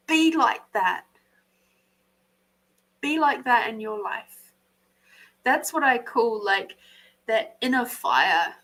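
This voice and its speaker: An Australian woman hosting a live card reading, animated, swearing freely and laughing often. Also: sits high, slow pace, pauses often, low-quality recording. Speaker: intuitive card reader, podcast host.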